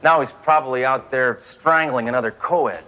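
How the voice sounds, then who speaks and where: An actor playing a brash, trigger-happy male cop who talks bluntly in deadpan with bursts of shouting, in a 1980s TV comedy. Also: mid-range voice, moderate pace, lo-fi sound, heavy background noise, natural voice.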